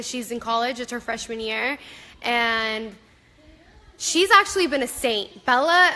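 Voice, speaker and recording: A woman's voice: high-pitched, sharp tone, big-room sound. A woman author chatting casually on a live video, telling rambling stories with many fillers.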